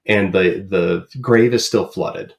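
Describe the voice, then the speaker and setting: A man's voice: sits low, slow pace, vocal fry, a crowd in the background. A man co-hosting a podcast in casual chat, rambling with many ums and uhs. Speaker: podcast co-host.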